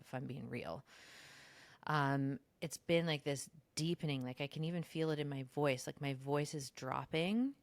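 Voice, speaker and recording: Low-voiced reflective woman podcaster. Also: dry recording. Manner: reflective, lots of "like", slips into high mocking voices when quoting herself. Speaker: podcast co-host. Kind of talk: casual spiritual chat.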